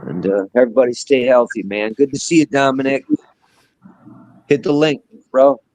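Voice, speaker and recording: A man on a live stream signing off loudly and warmly, calling people bro. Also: medium pitch, normal speed, rough recording. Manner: loud, friendly, calls people bro. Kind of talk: casual farewell chat.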